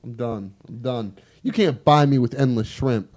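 A man's voice: medium pitch, moderate pace, darkish tone. A man appearing as a podcast guest, teasing and swearing in casual banter.

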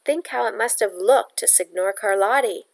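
A woman's voice: medium pitch, normal speed, gravelly. A woman voicing an anxious, impatient young man who explains things with exasperation. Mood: exasperated.

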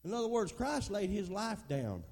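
A man's voice: sits high, sing-song, moderate pace, gravelly, a little mellow, husky. A middle-aged man preaching a folksy sermon, calling out to the congregation. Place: church. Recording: long hall reverb.

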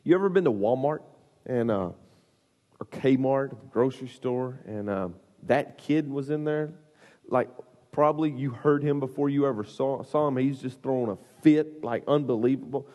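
A man preaching to youth, telling a comic story with lots of fillers in an animated way. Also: mid-range voice, moderate pace. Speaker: youth pastor. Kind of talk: storytelling sermon. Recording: long hall reverb.

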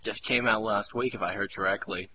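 A man's voice: on the low side, fairly even intonation, fairly quick, bright, forceful tone, slight background noise. A young man co-hosting a casual podcast, teasing his partner and laughing often. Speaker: podcast co-host.

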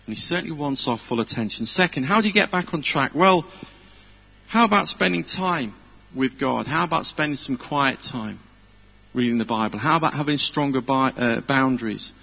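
Casting note: middle-aged preacher, gravelly and husky, bright edge, chatty and earnest. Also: male voice, mid-range voice, expressive, normal speed. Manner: chatty, self-deprecating, earnest. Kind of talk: informal sermon with personal stories. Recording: long hall reverb.

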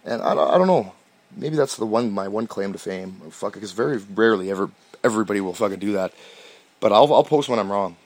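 A man's voice: fairly low pitch, lively intonation, fairly quick, darkish tone, no room sound. A Canadian man hosting a podcast, rambling and swearing constantly, stammering and restarting as he talks, sounding stoned. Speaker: podcast host. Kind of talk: rambling casual monologue.

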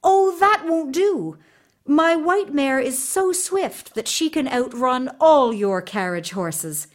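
A brave young princess from a storybook, her voice pitched high and lively, as a woman reader puts her on. She speaks with bold determination and quick excitement. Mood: determined.

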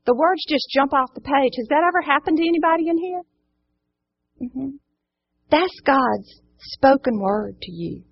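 A woman's voice: on the high side, breathy edge. A woman gives a Bible study talk to a live group, earnest and encouraging, often asking them questions. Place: indoor room with a live group. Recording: dull lo-fi recording.

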